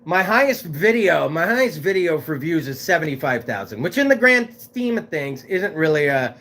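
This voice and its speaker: Loud, shouting male livestream host. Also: fairly high pitch, sing-song, normal speed. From Fresno, California. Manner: loud shouting delivery, crude swearing. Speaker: live show host. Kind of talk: casual livestream chat.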